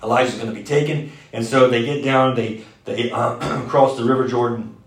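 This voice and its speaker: A man preaching a sermon, telling the story fast and with energy, now and then shouting out lines in character. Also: medium pitch. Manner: energetic, fast-talking storyteller with bursts of loud mimicry. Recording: echoey room.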